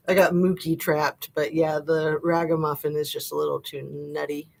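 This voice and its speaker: A woman's voice: low voice, flat delivery, moderate pace, vocal fry, low-quality recording. A middle-aged woman chatting casually to viewers on a live stream from her home, rambling and laughing often. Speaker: YouTube live-stream host. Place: home room.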